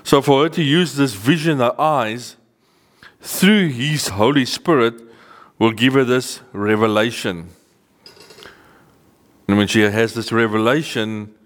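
A man giving an earnest sermon to a seated group, often slowing down to stress key words. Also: medium pitch. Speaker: preacher. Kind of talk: sermon teaching to a live group. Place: meeting room with a seated audience.

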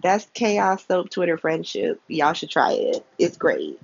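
A woman's voice: fairly low pitch, lively intonation, unhurried, gravelly, no echo. A woman hosting a podcast, recapping a soap opera in a chatty, slangy way with frequent laughter and blunt opinions. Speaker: podcast host. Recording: slightly dull, dry lo-fi sound.

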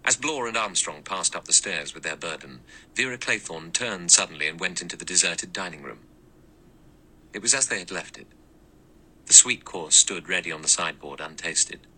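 Deep-voiced man narrating an audiobook. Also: expressive, moderate pace, sharp tone, a little hiss or hum, low-quality recording. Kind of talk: scripted narration.

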